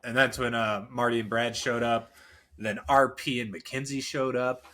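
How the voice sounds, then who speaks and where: A man co-hosting a casual podcast, telling profane, animated stories and griping about bad weather. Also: mid-range voice, moderate pace. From central Illinois. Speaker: podcast co-host.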